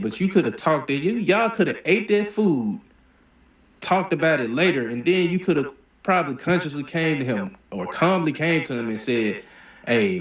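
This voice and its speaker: A man hosting a movie reaction video, giving blunt, profane, animated opinions in casual commentary. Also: fairly high pitch, echoey room.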